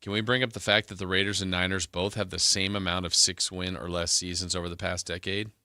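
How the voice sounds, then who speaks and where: A man's voice: low-pitched, little pitch movement, fast, bright, forceful tone, no room sound. A man hosting a sports radio show, chatting casually and rambling as he thinks aloud into a studio microphone.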